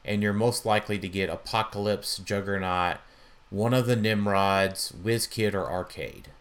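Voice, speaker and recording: A man co-hosts a relaxed chat about a tabletop miniatures game. His voice is on the low side, and he speaks haltingly, restarting often and filling gaps with ums. He comes across as agreeable and easygoing. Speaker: podcast co-host.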